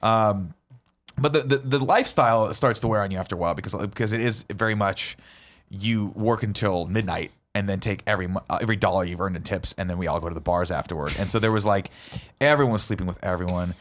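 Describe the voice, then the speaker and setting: A man hosting a podcast, telling stories in a casual, animated way and swearing freely. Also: low voice, fast talker. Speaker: podcast host. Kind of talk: casual chat.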